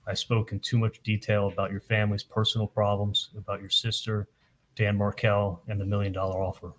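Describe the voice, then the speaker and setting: Halting deep-voiced man testifying. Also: little pitch movement, a bit bright. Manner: halting, repeats words, retells dialogue with "I'm like". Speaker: trial witness testifying. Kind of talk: courtroom testimony.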